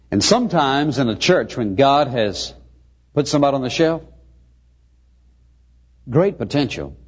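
A man preaching a sermon, swinging between quiet asides and emphatic rising lines. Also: mid-range voice, husky. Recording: dull lo-fi recording.

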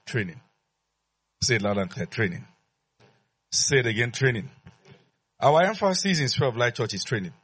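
A man's voice: medium pitch, expressive, moderate pace, pauses often, a bit bright, breathy edge. A man preaching a sermon as pastor, emphatic, repeating his phrases and leading call-and-response with the congregation.

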